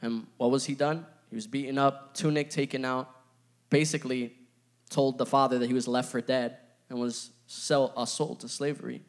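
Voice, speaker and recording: A man's voice: mid-range voice, steady tone, moderate pace. A young man giving a casual, playful youth sermon, chatting with his audience and filling his talk with asides. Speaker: youth pastor.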